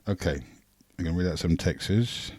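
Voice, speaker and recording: A man's voice: low-pitched, a little mellow, husky, dry recording. A man hosting a live community radio talk show, speaking with many fillers and stammered restarts. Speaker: radio host.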